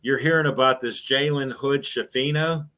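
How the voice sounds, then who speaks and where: A man's voice: medium pitch, steady tone, normal speed, bright, forceful tone. Rambling older man telling stories. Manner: rambling anecdotes, acts out quoted voices. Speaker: guest, former sports radio host. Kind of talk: storytelling in a casual interview.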